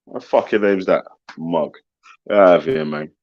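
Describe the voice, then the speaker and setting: Deep-voiced brash man. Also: moderate pace, no room sound, highs cut off. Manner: brash slang-heavy banter, swears freely. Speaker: host. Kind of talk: casual live-stream chat with callers.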